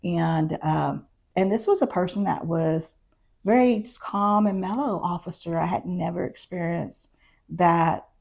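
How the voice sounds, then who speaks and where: Speaking at a measured pace, she has a lowish, gravelly voice with a darkish tone. The middle-aged former constable, guesting in an interview, relates her story in an easygoing manner, performing other people's lines as quoted dialogue.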